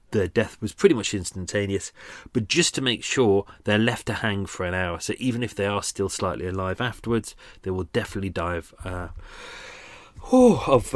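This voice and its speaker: This man hosts a true crime podcast, narrating casually and without a script. His voice sits on the low side in a dry recording, and he rambles with lots of fillers and restarts while sounding a little out of breath.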